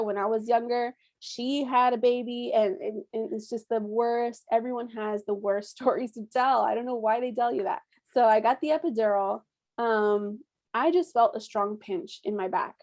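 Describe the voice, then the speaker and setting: A young woman with a somewhat high voice tells her story as a workshop host. She talks in a chatty, animated way, acts out what people said, and laughs often. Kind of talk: casual storytelling.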